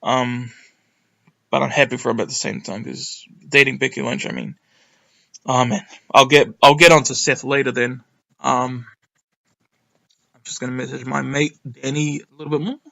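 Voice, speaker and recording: A young man recapping a wrestling show in a rambling, excitable way, with lots of ums and some swearing. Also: mid-range voice, normal speed, vocal fry, pauses often. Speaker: wrestling reviewer. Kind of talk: casual recap monologue.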